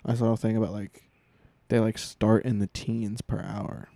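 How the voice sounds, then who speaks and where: A man with a low, gravelly and mellow voice, chatting casually on a close, dry mic. He talks loosely, swears freely and laughs often. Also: little pitch movement, moderate pace, dry recording. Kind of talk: casual podcast chat.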